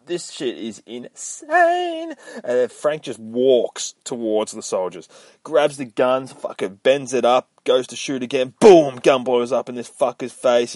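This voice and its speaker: A man hosting a podcast from inside his van, recapping a comic book in a profane, excitable way full of sound effects. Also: mid-range voice, no echo. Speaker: podcast host.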